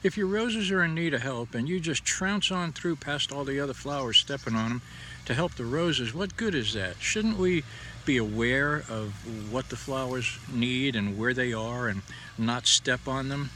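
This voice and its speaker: A man's voice: medium pitch, expressive, moderate pace, pushed and bright, a little hiss or hum. A middle-aged man giving a casual, folksy devotional talk, rambling and stammering through restarts. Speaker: host. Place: outdoors under a tree.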